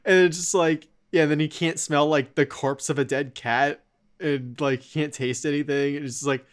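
A man's voice: fairly high pitch, fairly even intonation, normal speed. A man in casual chat, animatedly retelling scenes and acting out quotes with laughs.

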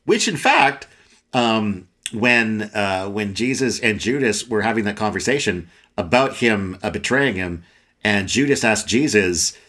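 Man, lowish bright voice, casual film chat, playful, acts out lines. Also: measured pace. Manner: animated, acts out characters' lines with laughs.

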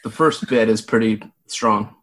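A man's voice: fairly low pitch, unhurried, fairly bright tone. A man co-hosting a casual podcast, with a dry, self-deprecating manner. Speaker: podcast co-host. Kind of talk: casual chat.

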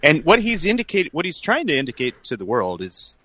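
A male podcast co-host in casual comedic chat, riffing crudely and excitably. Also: on the high side, fairly quick, slightly rough, no echo.

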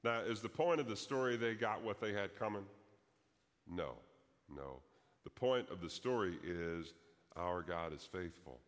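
Pastor preaching in a reverberant hall. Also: male voice, sits low, lively intonation, unhurried. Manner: dramatic storytelling, acting out quoted prayers. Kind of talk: sermon.

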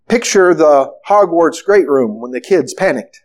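Animated preaching man, high lively voice. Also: measured pace, hardly any pauses. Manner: animated storytelling, acting out the disciples' panic. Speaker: pastor. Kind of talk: sermon.

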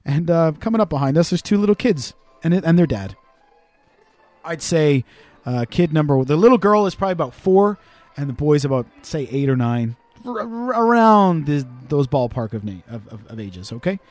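Man, podcast host, high voice, very lively intonation, swearing storyteller, dry close sound. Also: moderate pace, dry recording, soft background music. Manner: animated, profane, comic storyteller. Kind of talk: casual storytelling chat.

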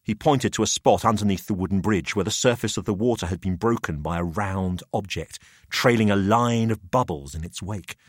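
A man narrating a macabre tale in the first person, expressive and dramatic. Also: on the low side, fairly quick, no room sound, studio quality. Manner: expressive, rising to frantic shouts in dialogue.

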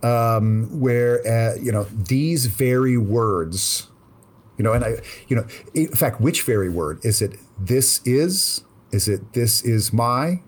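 Guy on a podcast thinking out loud, lots of you knows, mid-pitched. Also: unhurried, breathy edge. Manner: thoughtful, hesitant, many fillers and restarts. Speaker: podcast co-host. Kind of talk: casual chat.

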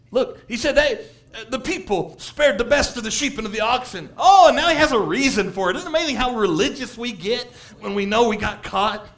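A middle-aged man preaching a sermon as pastor, animated, laughing and acting out quotes from people. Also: high voice.

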